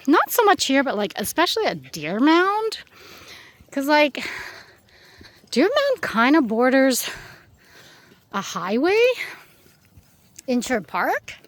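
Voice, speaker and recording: A young adult woman walking dogs, chatting casually and out of breath as she climbs a steep outdoor ravine trail. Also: a little high. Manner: chatty and rambling, laughs easily. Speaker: dog walker. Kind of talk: casual vlog chat while hiking.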